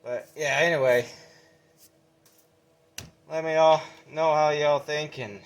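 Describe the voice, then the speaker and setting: A man's voice: on the high side, steady tone, slow pace, pauses often. A man filming a casual vlog update, out of breath and talking in a folksy, rambling way. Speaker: vlogger.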